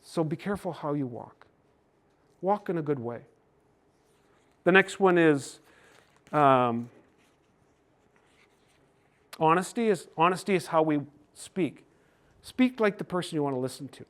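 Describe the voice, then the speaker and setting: An older Canadian man giving a gentle, folksy storytelling talk to a hockey team. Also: a little high, animated, measured pace, pauses often. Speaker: speaker on cultural mindfulness.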